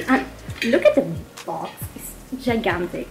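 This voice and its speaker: A young woman from Argentina, casually chatting through an unboxing as a gushing, excitable fan who giggles and says "um" often. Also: a little high, normal speed, gravelly, poor audio. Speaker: vlogger. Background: faint background music.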